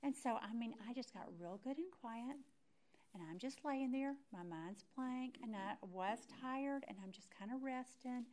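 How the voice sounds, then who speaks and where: Animated woman teaching a Bible study. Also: a little high, moderate pace. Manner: animated storyteller, acts out her own thoughts. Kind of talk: personal story in a Bible teaching.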